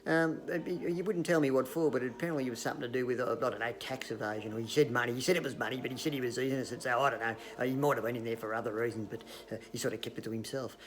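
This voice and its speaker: A man's voice: mid-range voice, very fast, few pauses. A man with an Australian accent telling rambling, swear-filled jokes to camera and laughing at his own gags. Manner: hesitant fillers and restarts. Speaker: comedic vlogger.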